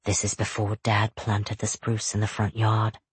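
Give me a narrator doing a soft-spoken, wistful young man. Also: medium pitch, monotone, unhurried, slightly rough, no echo. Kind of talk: audiobook character voice.

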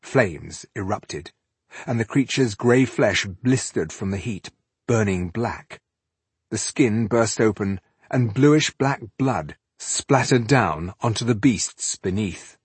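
Steady and measured, a low-voiced man with a husky tone narrates a scripted fantasy audiobook. The audio is dry, without room echo.

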